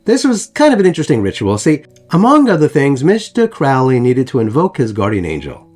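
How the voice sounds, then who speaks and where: A man's voice: medium pitch, huge pitch swings, fairly quick, darkish tone, husky, faint music behind. A man hosting a history channel, narrating over photos in a chatty way with joking asides to the viewers.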